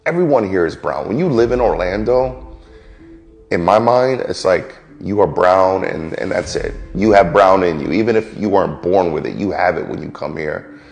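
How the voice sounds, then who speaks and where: A man in his forties from New York, a military veteran, speaking candidly and reflectively about his life, often pausing and restarting. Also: low-pitched, animated, vocal fry, a little mellow, faint music behind. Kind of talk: personal testimony.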